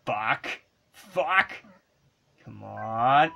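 A woman giving casual commentary while playing an old handheld game, excitable and swearing and yelling at the screen. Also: extremely low pitch, slow, gravelly, pauses often, background noise. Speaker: let's play gamer.

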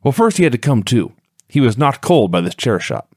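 A man's voice: mid-range voice, a little fast, husky, no echo, clean studio sound. A man co-hosting a wrestling podcast, recapping a match step by step in casual talk. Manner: steady storytelling recap. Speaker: podcast co-host.

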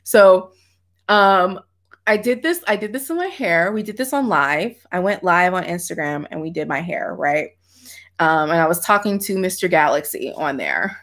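A woman's voice: lowish voice, expressive, moderate pace, fairly bright tone. A woman, chatting animatedly with viewers on a livestream from her home office and laughing often. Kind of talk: casual livestream chat.

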